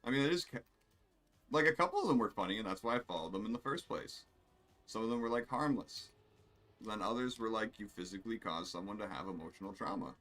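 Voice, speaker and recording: A man's voice: medium pitch, a little fast, long pauses, a bit bright, soft background music. A man streaming a racing game, rambling and swearing in casual commentary while he plays. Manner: rambling, profane, self-amused.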